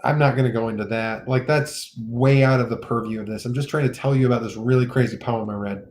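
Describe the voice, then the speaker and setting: A man hosting a casual poetry podcast, retelling a poem in a rambling, animated way full of fillers. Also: medium pitch, fast talker. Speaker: podcast host.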